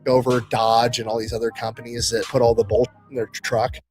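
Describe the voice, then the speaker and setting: A man's voice: medium pitch, flat delivery, brisk, faint music behind. A man ranting emphatically in a casual podcast conversation.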